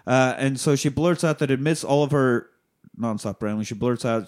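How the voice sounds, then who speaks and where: A man's voice: mid-range voice, normal speed. A man hosting a podcast who recaps a movie in a loose, profane, rambling way. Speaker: podcast host.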